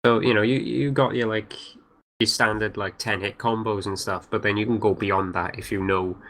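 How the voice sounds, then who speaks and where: A man co-hosting a gaming podcast, talking in a halting way, full of "you know" and restarts. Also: lowish voice, steady tone, fairly bright tone, low-quality recording. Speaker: podcast co-host. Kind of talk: casual gaming chat.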